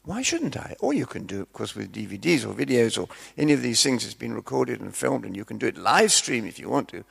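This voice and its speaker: A man's voice: medium pitch, fast, vocal fry, fairly bright tone, husky. A man preaching, chatty and self-deprecating, mixing humorous stories into his sermon. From Scotland.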